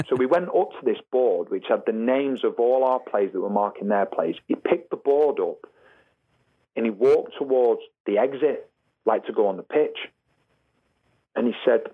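A man's voice: moderate pace, breathy edge. A man, a former footballer, telling dressing-room stories and acting out the voices of people he quotes. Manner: animated, acts out quotes with rising pitch. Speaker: former footballer, podcast guest. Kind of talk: anecdotal storytelling. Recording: phone-line quality audio.

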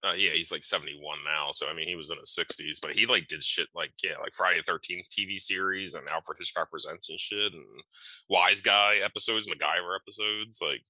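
A man's voice: low voice, steady tone, brisk, bright, forceful tone, no echo, low-quality recording. A man co-hosting a podcast in casual chat, rambling with many fillers and casual swearing. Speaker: podcast co-host.

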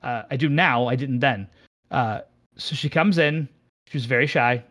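A man who owns a game shop, telling a candid story in casual chat, animated and self-mocking, rambling with restarts. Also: medium pitch, normal speed. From Pittsburgh area, United States. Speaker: game shop owner, podcast guest.

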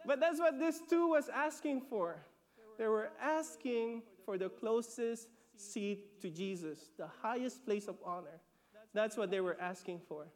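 A man from the Philippines preaching a sermon in an animated way, often repeating words and checking in with "okay?". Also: high-pitched, measured pace. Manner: animated, repeats words, acts out voices of disciples; laughs between points, asks "okay?". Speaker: pastor.

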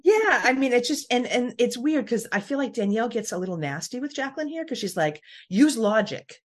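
A woman hosting a podcast in casual chat, talkative and quick to laugh, with frequent fillers and restarts. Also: on the high side, big pitch swings. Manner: chatty, laughs often, many fillers and restarts. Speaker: podcast host.

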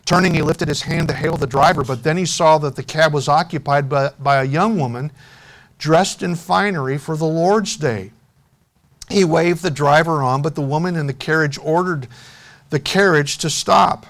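A man's voice: on the high side, moderate pace. Earnest male preacher telling a story. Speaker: pastor. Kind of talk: sermon storytelling.

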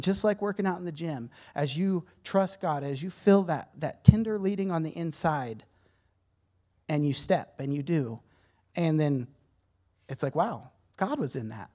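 A man's voice: on the high side, warm tone. A man giving a candid, conversational sermon-style testimony to a church, emotional at times and often restarting his sentences. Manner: conversational, candid, self-correcting. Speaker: church speaker.

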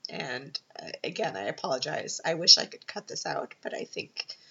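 A woman's voice: sits low, lively intonation, normal speed, sharp tone. A woman hosting her own podcast, talking through tears, hesitant and full of ums, on a dull lo-fi recording. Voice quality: unscripted, hesitant with many ums. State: tearful, emotional. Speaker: podcast host. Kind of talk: personal podcast monologue. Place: Vienna.

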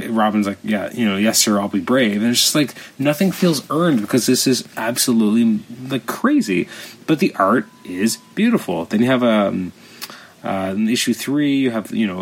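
A man's voice: on the low side, low-quality recording. A man giving a casual, rambling comic book review, exasperated and full of fillers.

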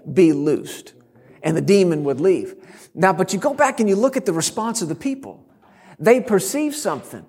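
Storytelling preacher man with bursts of shouting. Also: high-pitched, big-room sound. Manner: storytelling with sudden loud shouts. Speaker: guest preacher. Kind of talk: sermon.

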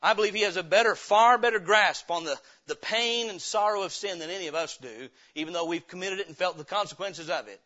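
A male pastor preaching with a high, bright, ringing voice that swells louder as his points build. The church recording is dull and lo-fi. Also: a little fast, few pauses. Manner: impassioned preaching, swelling louder and higher at climaxes. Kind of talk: sermon.

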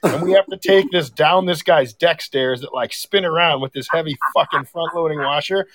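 A man's voice: fairly high pitch, moderate pace, a bit bright, no echo. A man guesting on a podcast, telling profane anecdotes in casual chat.

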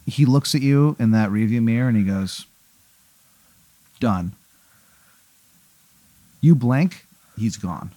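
A man's voice: mid-range voice, moderate pace, mellow, dry recording. A man improvising a comedic hypothetical story as podcast co-host, rambling with many fillers. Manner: rambling, filler-heavy narration.

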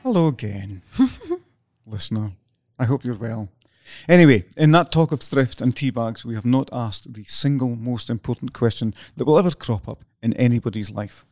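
A man's voice: mid-range voice, moderate pace, a little mellow, no echo, studio quality, soft background music. A man with a Dundee accent, hosting a podcast and chatting in a teasing, emphatic way. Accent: Dundee Scottish. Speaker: podcast host. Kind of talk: casual chat.

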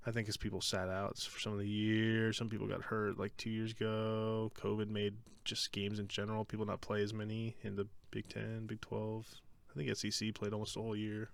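Gravelly-voiced sarcastic podcast guy. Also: fairly low pitch, fairly quick, dry recording. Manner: deadpan sarcastic, joking. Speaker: podcast co-host. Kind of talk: casual sarcastic chat.

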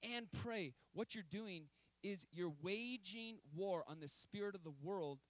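A man in his thirties preaching a sermon, telling stories with emphatic, sudden loud outbursts. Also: high voice, measured pace, rough recording.

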